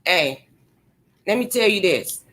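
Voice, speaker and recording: A woman's voice: lowish voice, expressive, takes it slowly, a bit bright. A woman ranting angrily and profanely straight into her computer microphone. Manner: angry, profane, confrontational. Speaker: vlogger. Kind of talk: heated direct-to-camera rant. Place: indoors at a computer.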